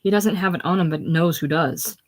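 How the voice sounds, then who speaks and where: A woman reading the lines of a proud, imperious aging male adventurer, with commanding, forceful delivery. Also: fairly low pitch, fairly quick, natural voice.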